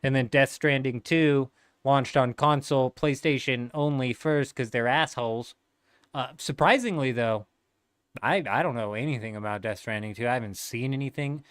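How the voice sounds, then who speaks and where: A man's voice: mid-range voice, moderate pace, fairly bright tone, clean tone, no room sound, clean studio sound. A man in his thirties chatting casually on a gaming livestream, laid-back and rambling, swearing freely.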